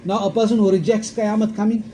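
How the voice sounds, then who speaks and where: Delivering an emphatic religious lecture, an Islamic scholar repeats his points, quotes Arabic verses, and asks rhetorical questions. His high voice is mellow and quick, with a flat delivery, and the poor audio has a little hiss or hum.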